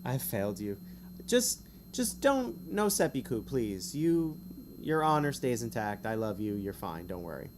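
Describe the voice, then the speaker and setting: A man with a fairly low, animated voice reads a gamebook on stream against a noisy background. His casual narration is chatty and broken up with rambling asides, and he's quick to laugh at himself.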